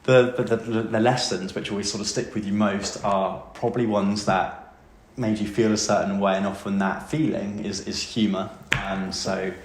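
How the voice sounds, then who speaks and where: A man with an English accent, a former pupil, telling a funny school story in a chatty, self-deprecating way. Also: lowish voice. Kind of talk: anecdotal interview recollection. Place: school room. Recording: echoey room with faint hiss.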